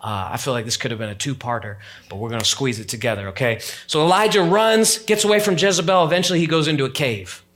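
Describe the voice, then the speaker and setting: A man's voice: mid-range voice, fast, fairly bright tone. A man preaching a sermon as pastor, talking casually to the congregation and rising to emphatic, heightened moments.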